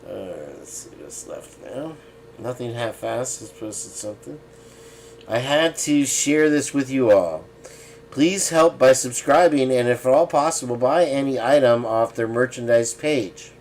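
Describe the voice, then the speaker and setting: A man's voice: medium pitch, animated, unhurried, a little mellow, a little hiss or hum. A man hosting a casual live stream, reading viewer comments aloud and adding sarcastic asides with frequent chuckles. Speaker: livestream host.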